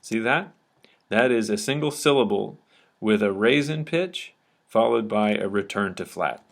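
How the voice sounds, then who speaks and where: A man with a somewhat low voice walks through a lesson at a patient pace. He explains each step and keeps checking that his listeners are following along. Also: animated, a little slow, vocal fry. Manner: patient, checks understanding often with "okay?". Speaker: teacher. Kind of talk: explanatory lecture at a board.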